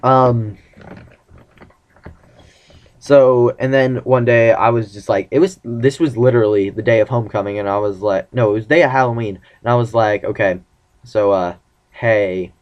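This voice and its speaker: A man's voice: medium pitch, fairly even intonation, normal speed, muffled recording. A young man casually telling rambling, self-mocking stories about his dating life in a vlog. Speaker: vlogger.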